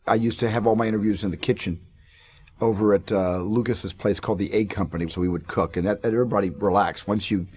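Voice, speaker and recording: A man's voice: on the low side, fast, a little hiss or hum. A man, a film director, recalling his work in an easygoing interview. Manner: relaxed anecdotal recollection. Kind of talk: reflective interview.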